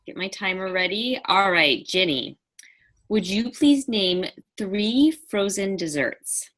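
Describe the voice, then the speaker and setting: A woman's voice: mid-range voice, animated, slow pace, fairly bright tone. A woman co-hosting and running a quiz game, giggly in manner. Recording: roomy echo.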